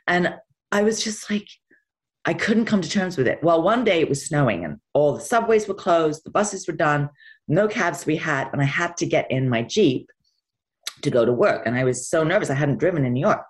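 Animated, chatty woman telling stories. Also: deep voice, normal speed. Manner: chatty, animated storytelling with laughs. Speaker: guest actress. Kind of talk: casual interview chat.

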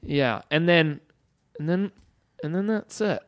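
A man's voice: a little high, lively intonation. A man from Canada, a guest on a comedy podcast, riffing playfully in casual chat. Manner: playful, quick to riff.

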